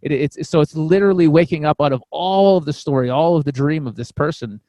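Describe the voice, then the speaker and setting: A man's voice: a little high, a little fast, warm tone, no echo. A man guesting on a podcast, telling a personal story in a casual, rambling way, swearing freely and restarting his sentences often. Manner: rambling, profane, frequent restarts.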